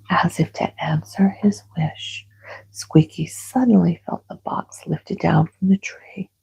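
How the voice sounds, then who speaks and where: A woman storyteller reading aloud in a soft, soothing whispered bedtime reading. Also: lowish voice, slow, creaky, slightly rough. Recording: dull lo-fi sound.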